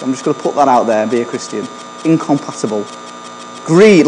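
A man preaching in a chatty sermon style, pitched a little high for a man. He keeps turning questions back to his listeners. The hall gives his voice a long reverb, with a faint hum underneath. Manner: conversational, asks the congregation questions.

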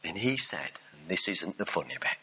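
Husky, animated preacher. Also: male voice, low voice, normal speed, muffled recording. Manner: animated storytelling, jokes with the congregation. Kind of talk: sermon.

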